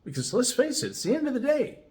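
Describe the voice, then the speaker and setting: Speaking fast in a very high voice, a man gives a customer testimonial by telling a personal story casually. His retelling is enthusiastic and animated, chatty and full of "you know."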